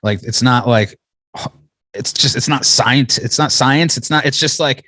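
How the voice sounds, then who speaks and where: A man's voice: medium pitch, measured pace, pushed and bright, no room sound. A man talking as a podcast guest, rambling and swearing freely, laughing often. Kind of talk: casual podcast conversation.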